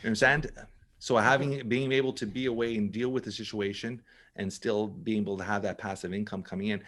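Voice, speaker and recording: A man's voice: lowish voice, steady tone, brisk, fairly bright tone. A middle-aged man talking casually as a podcast guest, emphatic and full of restarts and repeated words. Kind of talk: casual interview talk.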